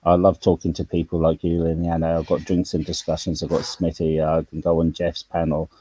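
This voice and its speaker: A man's voice: sits low, monotone, a little fast, mellow, slight background noise, poor audio. A man, hosting his own channel in a blunt, jokey casual chat. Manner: blunt, jokey, slips into Cockney slang. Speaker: YouTube channel host.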